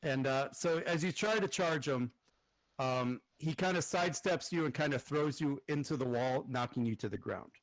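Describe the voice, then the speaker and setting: A man acting as game master, narrating the scene and explaining rolls in a relaxed way with fillers. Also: mid-range voice, moderate pace, dry recording, poor audio. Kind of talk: narrating and running a tabletop game.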